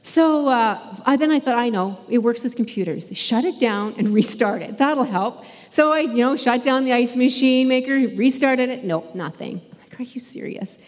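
Woman preacher, chatty sermon delivery, slightly high voice, long hall echo. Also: moderate pace, hardly any pauses. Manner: conversational with laughs and fillers.

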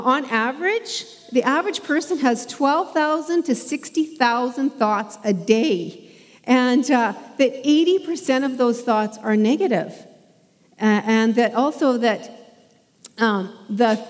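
Woman preacher, chatty sermon delivery, slightly high voice, long hall echo. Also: darkish tone. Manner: conversational with laughs and fillers.

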